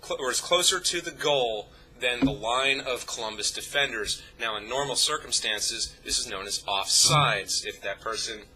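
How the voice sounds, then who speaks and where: A man's voice: medium pitch, moderate pace, few pauses, sharp tone, a little hiss or hum, rough recording. A young man telling a rambling, profane story to his vlog audience, full of fillers and restarts. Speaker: YouTube vlogger. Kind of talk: casual anecdote told to camera.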